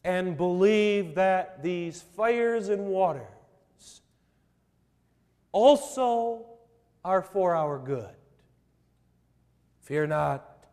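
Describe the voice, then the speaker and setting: Slow, high-voiced preacher in an echoing hall. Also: male voice, animated, a little mellow. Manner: slow, emphatic preaching with rhetorical questions. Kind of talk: sermon.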